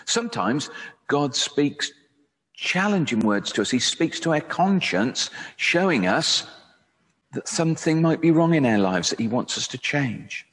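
A man preaching a sermon, speaking slowly and gently with soft, reflective pauses. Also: on the high side, sing-song. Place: church. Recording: church hall reverb.

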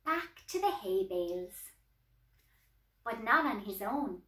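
A woman tutor reading a children's storybook aloud in a slow, deliberate, gentle way. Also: medium pitch, sing-song, reverberant, recorded from a distance.

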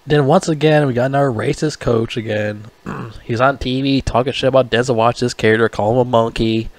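Speaking at a brisk clip in a steady, mid-range voice with no echo, this man rambles through an offhand film review. It's profane and mocking, full of stumbles and fresh starts.

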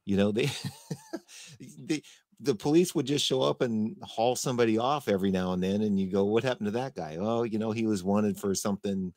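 A man hosting a casual conversation, talking in a halting way and often restarting his sentences. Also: lowish voice, darkish tone, dry recording, clean studio sound. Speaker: host.

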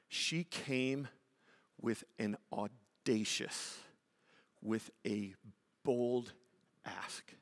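A man preaching a sermon as pastor, swinging from hushed to loud and emphatic and acting out the lines he quotes. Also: lowish voice, extremely slow, creaky, long pauses. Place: church sanctuary. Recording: long hall reverb.

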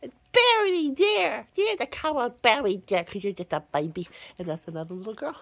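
A woman's voice: mid-range voice, sing-song, quick pace. A woman breeder narrating a casual vlog, switching between plain explanation and sing-song baby talk to her puppies. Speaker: dog breeder.

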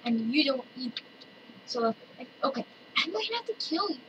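A woman chatting excitedly through her own gameplay and calling out to other players. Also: sits high, moderate pace. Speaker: let's-play gamer. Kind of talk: casual gameplay commentary. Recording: distant mic with loud noise.

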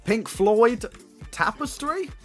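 A young man, live-streaming and teasing viewers in excitable, joking banter. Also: extremely high pitch, slow pace, faint music behind. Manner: teasing, excitable, swears and laughs often. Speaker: livestreamer. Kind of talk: casual live-stream commentary.

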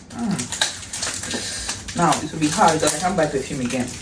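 A woman with a Nigerian accent chatting in a casual haul vlog, excitable and gushing, breaking into shrieks and breathy exclamations. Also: low-pitched, takes it slowly. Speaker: vlogger. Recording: echoey room, distant mic, faint hiss.

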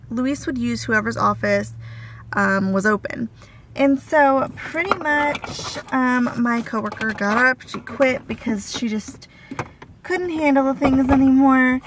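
A high-pitched young woman in her twenties talks casually in a daily vlog shot indoors at home and in the car, giggling and teasing over a noisy background.

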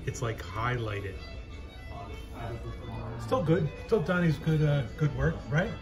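A man's voice: on the high side, sing-song, takes it slowly, over music. Upbeat man hosting a food review. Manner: upbeat, joking, announcer-style. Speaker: food reviewer and show host. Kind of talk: casual food-review chat.

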